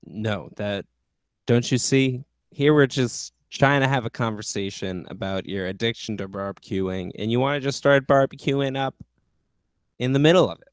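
A man speaks in a calm, deadpan, patient way at a middling pitch. The sound is dry and close. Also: normal speed, smooth, dry recording. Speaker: improv performer running an intervention. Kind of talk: improv comedy sketch.

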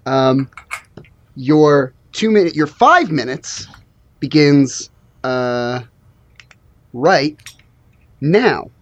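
A woman acting as game master, calling out timers and narrating in a measured way. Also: low voice, animated, highs cut off. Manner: measured, announcing timers and rulings.

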